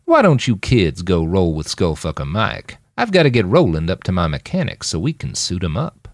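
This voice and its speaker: A man's voice: low-pitched, wildly swooping pitch, moderate pace, vocal fry, no room sound, studio quality, full character voice. A male narrator voicing a brash, swaggering man with an exaggerated Southern twang. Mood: cocky. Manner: cocky, swaggering. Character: brash drug-loving man with a drawl.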